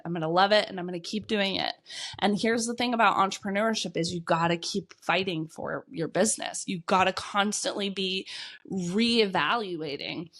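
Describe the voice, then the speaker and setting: Woman podcaster and business coach, blunt and energetic, casual swearing, a cold's cough in the throat. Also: mid-range voice. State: getting over a cold, coughing. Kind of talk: solo podcast monologue.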